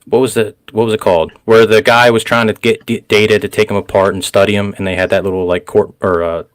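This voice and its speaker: A man hosting a casual recap chat, rambling, laughing often and getting excited. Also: fairly low pitch, fast talker. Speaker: podcast host.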